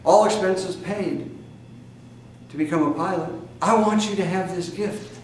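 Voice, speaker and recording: An older, high-pitched man with a Midwestern American accent, a spiritual teacher, preaches a sermon to a congregation. His delivery is emphatic and fiery, with sudden loud bursts and drawn-out stresses. The recording is echoey and distant, made in a room with faint noise.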